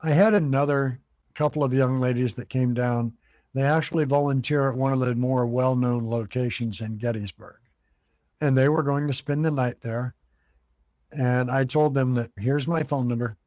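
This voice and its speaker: An American man who owns a haunted cabin appears as an interview guest, telling a long story and acting out the voices of the people he quotes. His voice is medium-pitched and a little mellow, with fairly even intonation, a moderate pace, and no echo.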